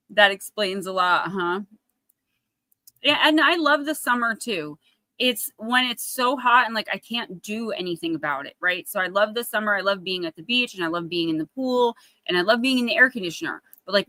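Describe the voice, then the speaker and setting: A woman's voice: medium pitch, sharp tone, no room sound. A woman in her thirties hosting a casual livestream, chatty and storytelling, acting out little quotes. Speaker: oracle card reader, livestream host.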